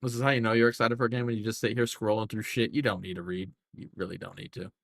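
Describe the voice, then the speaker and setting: A man's voice: on the low side, little pitch movement, quick pace, vocal fry, fairly bright tone, no room sound. A young man streaming a game live, chatting casually and cursing as he thinks aloud through the menus. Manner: profane, rambling, thinking aloud while scrolling menus.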